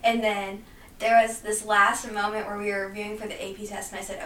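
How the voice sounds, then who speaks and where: A woman who teaches high school psychology co-hosting a podcast, animated and emotional, acting out scenes. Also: a little fast, echoey room, distant mic, a little hiss or hum. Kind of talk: casual podcast chat.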